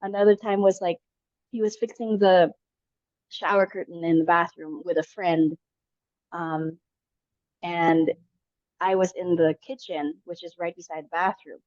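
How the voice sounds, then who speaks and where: A woman's voice: on the low side, fairly even intonation, measured pace, pauses often, darkish tone, no room sound. A woman casually telling a personal story on a podcast, with many fillers and restarts. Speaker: podcast guest. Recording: dull lo-fi audio.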